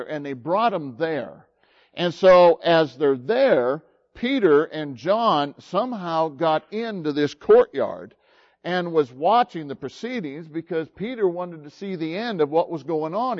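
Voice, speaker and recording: A man preaching a sermon, retelling a story slowly and haltingly with many pauses and fillers. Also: a little high, expressive, muffled recording.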